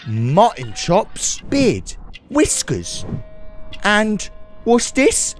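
A man commentating on a video game playthrough in an excitable, exclaiming way. His voice sits high and swings wildly in pitch. Game music plays behind him. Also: drawn-out words, pauses often. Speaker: gaming YouTuber. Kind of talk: let's-play commentary.

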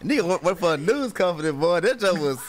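Brash trash-talking streamer, high lively voice. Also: male voice, fast talker, a little hiss or hum. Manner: brash, profane, taunting. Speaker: streamer playing a fighting game. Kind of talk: trash-talking live gameplay commentary.

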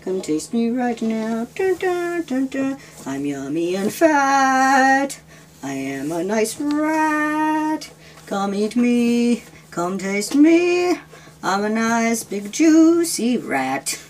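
A man's voice: very high voice, sing-song, extremely slow, a little hiss or hum, exaggerated voice. A man voicing a plump, eager pet rat that coaxes a snake to eat it, in a sing-song voice. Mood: coaxing. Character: chubby pleading pet-food rat, eager to be eaten.

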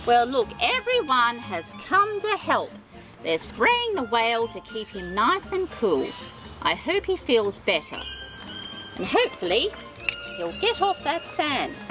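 A woman reads a children's storybook aloud at an unhurried pace, her voice riding high and swooping all over the place. She breaks off for gentle, sympathetic asides. Music plays clearly underneath. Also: low-quality recording. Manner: expressive, sing-song reading with gasps of sympathy. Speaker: storytime host. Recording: reading over background music.

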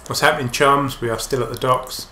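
A man's voice: mid-range voice, steady tone, brisk, pushed and bright, roomy sound, a little hiss or hum. A man hosting a let's play, trading dry, teasing banter in casual gameplay commentary.

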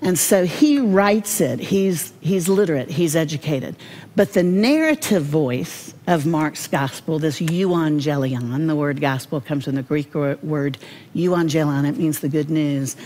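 A woman giving a devotional Bible teaching, folksy and humorous, with animated storytelling. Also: low-pitched, measured pace.

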